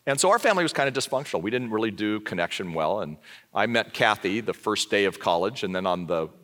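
A man's voice: fairly low pitch, quick pace. A man in his sixties from Southern California, preaching a sermon full of personal stories and acted-out dialogue. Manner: lively storyteller, acts out dialogue.

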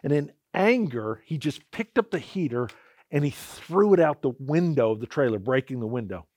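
Pastor preaching with dramatic swings in volume. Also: male voice, medium pitch, expressive, moderate pace, no room sound, studio quality. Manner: swings from hushed to loud, dramatic storytelling. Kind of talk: sermon.

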